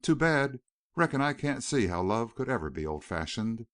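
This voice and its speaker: A man's voice: medium pitch, very animated, moderate pace, no echo, studio quality, natural voice. A male narrator voicing a young Western woman with a cool, sweet drawl in an audiobook. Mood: teasing.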